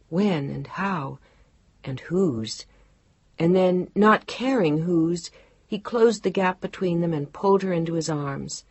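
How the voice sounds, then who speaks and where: A woman narrating an audiobook romance in a measured, emotive storytelling manner. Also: low voice, darkish tone, breathy edge, no room sound. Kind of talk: scripted narration.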